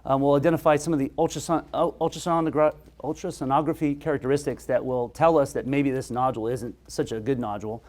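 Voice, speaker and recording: A man who is a surgeon, giving a relaxed, conversational medical lecture with frequent hesitations. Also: medium pitch, fast.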